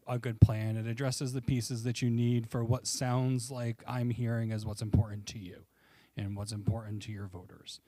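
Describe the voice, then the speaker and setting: A man, a construction manager, answering a school board's questions. He speaks plainly and reassuringly and is aware of how loud he sounds. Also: medium pitch, level tone, moderate pace, no echo. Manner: plain and reassuring, self-conscious about his volume. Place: public meeting room.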